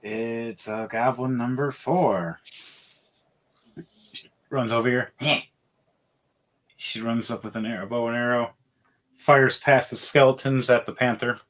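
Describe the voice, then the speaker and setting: Man narrating a tabletop game, game master, animated, bright voice. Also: medium pitch, a little slow, long pauses. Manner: animated, laughing storytelling.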